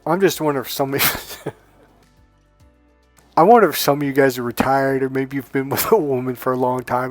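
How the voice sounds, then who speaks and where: A man talking casually as a dating coach, telling a story with lively asides and quoted voices. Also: mid-range voice, fairly quick, long pauses, dry recording, faint music behind. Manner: animated, mimics voices in quoted dialogue, laughs often.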